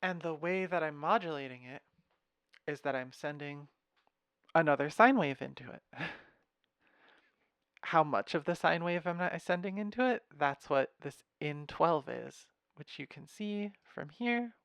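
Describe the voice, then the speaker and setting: Slow, gravelly young man explaining software. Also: fairly high pitch, dry recording. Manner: relaxed, thinking aloud with fillers and self-deprecating asides. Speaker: music software tutorial host. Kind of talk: casual screen-share walkthrough.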